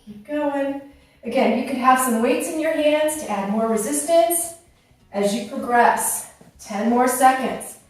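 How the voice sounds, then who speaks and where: A woman in her fifties leading a workout, giving brisk, encouraging coaching cues. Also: high-pitched, distant mic. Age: 50s. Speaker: fitness instructor. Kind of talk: workout instruction. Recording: very echoey room, voice off-mic, music behind.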